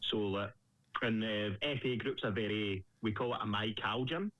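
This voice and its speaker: Young Scottish fighter, animated casual talker, lo-fi sound. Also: male voice, lowish voice, moderate pace, slight background noise. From Scotland. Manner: animated storyteller, swears freely. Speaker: Muay Thai fighter, guest. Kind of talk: casual interview chat.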